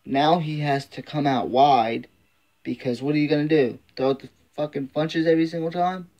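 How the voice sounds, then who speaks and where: A man's voice: on the high side, steady tone, moderate pace, a little mellow, dull audio. A man ranting in frustration as a sports fan vlogger, swearing constantly and repeating himself. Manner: frustrated, profane, repetitive ranting. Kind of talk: angry fan rant.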